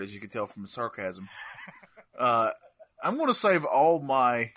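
Bright-voiced sarcastic man. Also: mid-range voice, sing-song, no echo. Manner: joking, sarcastic, drawn-out asides. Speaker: podcast co-host. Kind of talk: casual chat about retro games. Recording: dry close mic.

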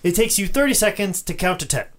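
A man co-hosting a podcast, talking in a slightly high voice and joking as he rambles, with a laugh never far away. There is a faint hiss under the recording. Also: expressive, fast, fairly bright tone. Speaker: podcast co-host. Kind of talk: casual chat.

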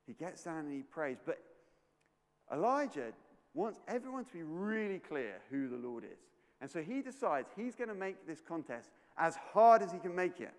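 A playful, energetic man tells a Bible story and draws his young audience into the action. His voice sits a touch high and moves up and down with a lot of life. The sound rings out with the long reverb of a large hall. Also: moderate pace. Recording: echoey hall.

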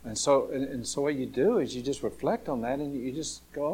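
A man preaching a sermon in a folksy way, moving from quiet asides to rising, emphatic calls. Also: medium pitch, fairly quick, slightly rough. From Alabama, USA. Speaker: pastor.

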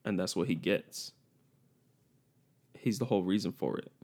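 A man's voice: low-pitched, normal speed, a little mellow. A young man co-hosting a podcast, chatting casually and rambling, laughing often. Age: young adult. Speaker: podcast co-host. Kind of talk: casual chat.

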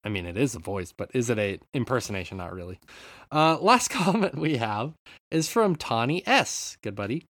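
A man's voice: mid-range voice, sing-song, normal speed, fairly bright tone, no echo, studio quality. A man hosting a casual gaming podcast, rambling, swearing freely and reading out listener comments. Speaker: podcast host.

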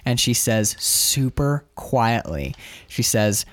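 A man's voice: mid-range voice, slow, no room sound. A man co-hosting a podcast, talking casually and emotionally with frequent swearing and restarts. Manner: animated, emotional, swears freely, many restarts. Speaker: podcast co-host reviewing a film. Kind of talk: casual chat.

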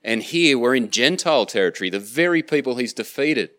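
A man's voice: mid-range voice, expressive, a little fast, fairly bright tone. A man preaching a sermon, retelling a scripture story in casual everyday slang. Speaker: pastor.

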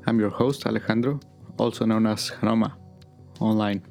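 A man hosting a podcast interview, speaking in a measured, halting way as he searches for words. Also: lowish voice, steady tone, gravelly, darkish tone, soft background music. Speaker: podcast host.

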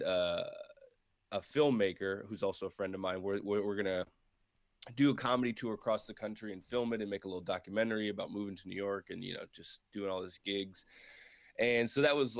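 A man with a fairly low voice chatting as a guest comedian. His tone is wry and self-mocking. The mic is close and dry. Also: dry recording. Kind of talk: casual chat.

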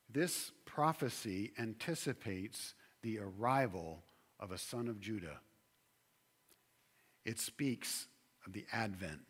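A man's voice: mid-range voice, fairly bright tone. Man preaching with rising fervor. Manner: preaching with swelling emphasis and drawn-out key words. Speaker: pastor. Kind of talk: sermon.

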